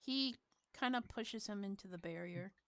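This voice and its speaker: A woman's voice: medium pitch, normal speed. Casual woman tabletop player. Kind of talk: tabletop role-play.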